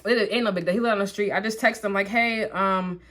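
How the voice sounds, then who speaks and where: A young woman tells a personal story to her viewers while she does her makeup. Her talk is chatty and animated, and it is full of asides and "like" fillers. She keeps an easy, conversational tone throughout. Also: mid-range voice, rapid-fire. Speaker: vlogger.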